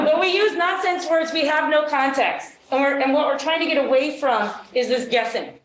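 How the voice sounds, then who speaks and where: A woman teacher leading a classroom phonics demonstration with brisk quizzing questions and quick praise. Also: high voice, a little hiss or hum. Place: meeting room. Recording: echoey room.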